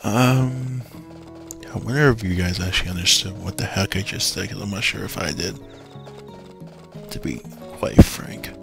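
A man's voice: deep voice, fairly even intonation, normal speed, gravelly, pauses often, soft background music. A man giving rambling, jokey commentary over a farming game, often dropping to a whisper. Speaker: gameplay commentator. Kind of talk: casual let's play commentary.

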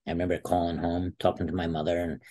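A man's voice: sits low, flat delivery, fast, dark tone. A man in his sixties, a former wrestler and teacher, telling stories as a podcast guest and acting out the people he quotes. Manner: vivid storyteller who acts out quoted voices. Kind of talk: storytelling interview talk.

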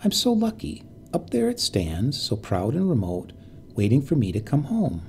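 A man voicing a proud, bossy young woman from the city, brisk and indignant in a story reading. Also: medium pitch, wildly swooping pitch, creaky, darkish tone, a little hiss or hum. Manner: brisk, indignant, self-satisfied.

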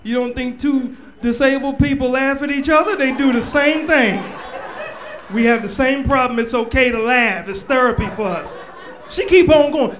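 A man doing a live stand-up comedy set, telling stories with a stutter and an animated delivery on a club stage. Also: extremely high pitch, moderate pace, a crowd in the background.

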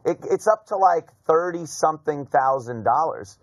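A man's voice: a little high, moderate pace, no room sound. A middle-aged man hosting a casual comedy chat, telling stories with lots of swearing and laughter. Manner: profane, laughing, animated storyteller. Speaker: podcast host.

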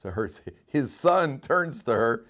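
A man teaching a Torah class as a rabbi, telling stories in a lively way, acting out quotes and often laughing. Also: mid-range voice, slow pace. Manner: animated storyteller, acts out quotes and laughs often. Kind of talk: storytelling Torah lecture.

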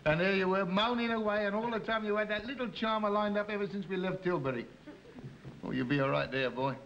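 A cheeky, scheming pal in a vintage radio comedy, chummy and wheedling. His voice sits a little high. A faint hiss runs under the muffled recording. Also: fast talker, a bit bright. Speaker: scheming friend. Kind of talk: 1950s radio comedy acting.

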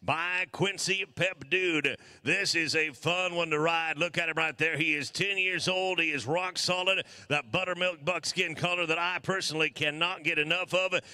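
A man announcing lots at a horse sale, with an enthusiastic, folksy sales pitch. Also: steady tone, normal speed, hardly any pauses, pushed and bright. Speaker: ring announcer. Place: indoor horse sale arena.

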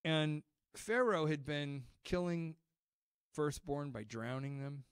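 A man's voice: on the high side, slow, clear, resonant tone, no room sound. Conversational male pastor, dry sound. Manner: conversational storytelling preaching with repeated restarts. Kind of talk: sermon.

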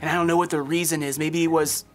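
Man, thirties, pastor, sermon, lively storytelling, acts out voices. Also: fairly high pitch, quick pace, soft background music.

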